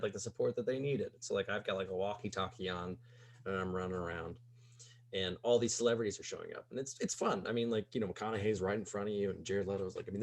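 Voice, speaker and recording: A man's voice: low-pitched, fairly bright tone. A young man from Missouri, a podcast guest telling a casual story, rambling with many "like"s and "um"s. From Missouri, USA. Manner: rambling, peppers speech with "like" and "um".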